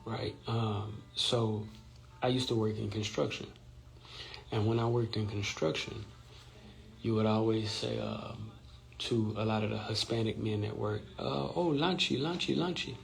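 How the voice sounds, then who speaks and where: A man from Louisiana, the host of an informal live stream, explains at a measured pace with a low, flat, gravelly voice and frequent "right?" check-ins. It's recorded in low quality through a phone or computer mic on social media.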